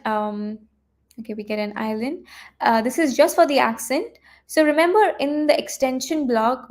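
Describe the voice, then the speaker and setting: A woman runs a live online coding lesson on a computer mic, talking her viewers through what is on her screen. Her voice sits fairly high, and she thinks aloud as she goes, full of fillers and restarts. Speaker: coding teacher.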